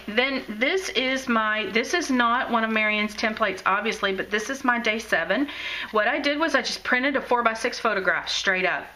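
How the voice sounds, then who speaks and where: A woman's voice: medium pitch, pushed and bright, poor audio. A middle-aged woman chatting casually about her scrapbook journal, gushing and full of fillers and restarts, at home in her craft room. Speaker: scrapbooking vlogger. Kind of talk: casual show-and-tell chat.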